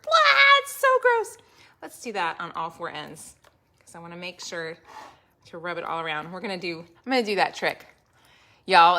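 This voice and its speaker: A woman's voice: on the low side, bright, forceful tone. A woman, chatting to viewers in a home kitchen while she cooks, talking casually and joking about herself. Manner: chatty, self-deprecating, talks straight to viewers. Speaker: cooking vlogger. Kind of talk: casual cooking demonstration.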